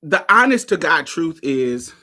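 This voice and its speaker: A woman's voice: sits low, sing-song, unhurried, sharp tone. A woman hosting a casual talk show, telling a story to her listeners in a blunt, profane way and laughing often. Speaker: host.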